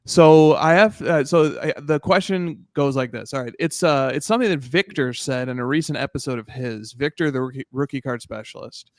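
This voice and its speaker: A man who is a regular panelist on a podcast, speaking in a thoughtful, measured way in casual chat. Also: medium pitch, no echo, studio quality.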